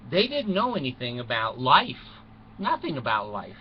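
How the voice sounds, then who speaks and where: A man's voice: medium pitch, huge pitch swings, normal speed. A man tells a mock bedtime story to children in a folksy, rambling manner, with chuckles and asides. His voice swoops up and down a lot. The recording is muffled, with faint noise in the background.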